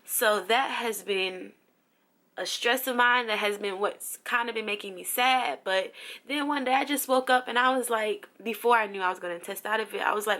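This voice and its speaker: Young woman vlogging a life update, bright clear voice, lots of ums and likes. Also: on the high side, moderate pace. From New Jersey. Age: young adult. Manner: chatty, lots of fillers, emotional. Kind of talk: casual vlog update.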